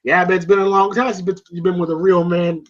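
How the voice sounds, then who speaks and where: A man putting on a brash, boastful male boxer who taunts loudly. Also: high voice, flat delivery, fast talker, lo-fi sound, lightly acted. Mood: leering. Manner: taunting, loud.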